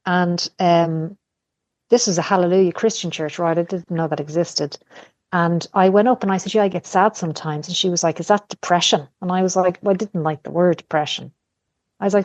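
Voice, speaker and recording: A middle-aged woman, a guest on a podcast, talks candidly in casual conversation, sharing personal stories and swearing freely. Her voice is on the low side and a little fast. The lo-fi podcast audio sounds dull and has no echo.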